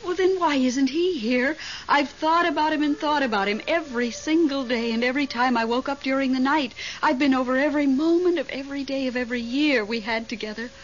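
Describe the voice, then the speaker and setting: An actress playing a nervous, devoted middle-aged widow in a 1970s radio drama, fretful and excitable. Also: female voice, high voice, fairly quick, hardly any pauses, natural voice. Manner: fretful, excitable, talks on the phone. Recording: dull vintage radio broadcast, faint hiss.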